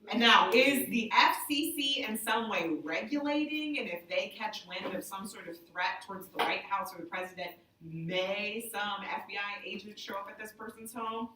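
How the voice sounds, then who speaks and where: A woman who works as a sign language interpreter, telling stories to a group in a chatty, animated way with lots of "like". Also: medium pitch, normal speed, hardly any pauses, noisy background. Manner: animated, chatty, heavy use of "like". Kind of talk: casual storytelling to a group. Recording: echoey room, voice from far off.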